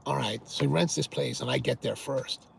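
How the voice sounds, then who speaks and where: A man's voice: medium pitch, moderate pace. A man hosting a coffee show, chatting casually through long stories with many restarts and repeated words. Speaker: coffee show host answering viewer questions. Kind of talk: casual rambling storytelling. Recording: clear background noise and ambience.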